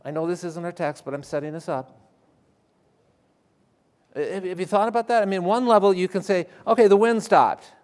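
Animated preaching man. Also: sits high, normal speed, long pauses. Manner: animated preaching, shifting between loud emphasis and hushed asides. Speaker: pastor. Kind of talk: sermon.

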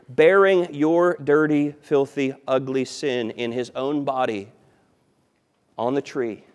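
A man preaching a sermon as pastor, emphatic, repeating key phrases and swinging between loud stress and quiet. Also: fairly high pitch.

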